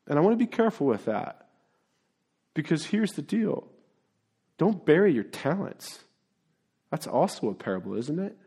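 A male pastor delivers a sermon in a slightly higher-than-usual voice. His preaching is earnest, moving between low, quiet asides and emphatic, rising declarations. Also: sing-song, moderate pace, pauses often, slightly rough.

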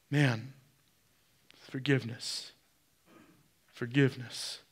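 Slow, emphatic male preacher. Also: a little high. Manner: preaching with sharp rises and drops in loudness; asks the congregation direct questions. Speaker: pastor. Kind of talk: sermon.

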